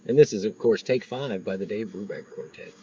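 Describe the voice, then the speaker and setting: A man's voice: lowish voice, a little fast, mellow, highs cut off, a little hiss or hum. A man, rambling casually to viewers during a delivery livestream. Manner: rambling, chatty, talks to viewers. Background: faint crickets and insects.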